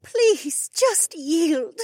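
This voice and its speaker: A man doing a soft tearful young woman. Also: extremely high pitch, big pitch swings, very slow, dry recording, pitched above the performer's own voice, exaggerated voice. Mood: pleading.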